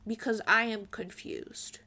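Slow, earnest young woman lecturing. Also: fairly high pitch, fairly even intonation, sharp tone. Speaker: commentary vlogger. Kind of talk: opinion commentary to camera.

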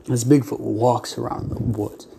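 Male host, gravelly mid voice, hesitant stumbling read, light background noise. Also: medium pitch, warm tone. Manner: halting, stumbling over words, frequent throat clearing. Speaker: host of a creature battle channel. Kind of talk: casual read-out narration.

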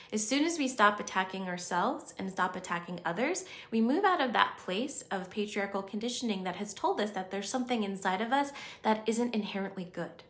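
A woman's voice: mid-range voice, fairly bright tone. Earnest woman in an echoey room. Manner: earnest, reassuring, conversational. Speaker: spiritual self-help speaker. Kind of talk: spiritual self-help talk.

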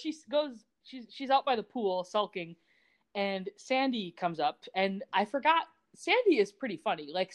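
A woman co-hosting a podcast, recapping a TV episode in casual chat with sarcastic asides and frequent laughs. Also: medium pitch. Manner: animated, sarcastic, laughs often. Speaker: podcast co-host recapping a TV show.

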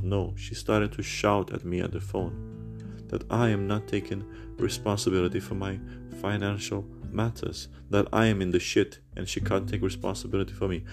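Man, deep creaky voice, phone-recorded rant podcast; bitter, rambling, foul-mouthed. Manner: bitter, rambling, swears heavily. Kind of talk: personal rant.

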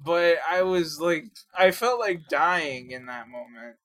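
High-voiced young man telling a rambling story. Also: expressive, takes it slowly, fairly bright tone. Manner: rambling storyteller, many fillers and restarts, laughs often. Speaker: podcast co-host. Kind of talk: casual chat, telling a work story.

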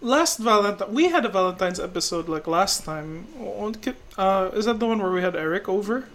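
A man's voice: high voice, expressive, fairly quick, fairly bright tone. A man with a Cebuano Filipino accent hosting a casual podcast, joking and laughing often as he mixes English with Cebuano. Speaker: podcast host.

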